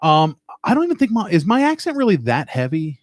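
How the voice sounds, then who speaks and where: A man's voice: sits high, wildly swooping pitch, fast talker. A man with a Long Island accent and a stuffed-up nose, rambling and cursing in casual podcast chat. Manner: rambling, profane and joking. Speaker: podcast host.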